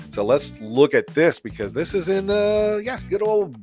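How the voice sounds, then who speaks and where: Brief: a loud, blunt man hosting a casual podcast, with a lively, swooping voice. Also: sits high, moderate pace, hardly any pauses, soft background music. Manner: profane, blunt, laughs often. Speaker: podcast host. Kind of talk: casual opinion podcast chat.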